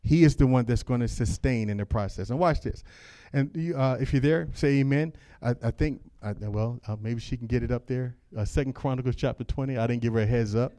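A man preaching a sermon, talking casually with the congregation and reading scripture aloud, then rising to loud, fervent calls. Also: medium pitch, brisk, hardly any pauses, no room sound. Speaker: pastor.

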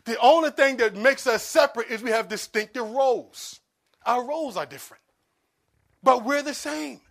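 A man preaching a sermon as pastor, swinging between quiet asides and loud, pleading emphasis. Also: extremely high pitch, moderate pace, gravelly.

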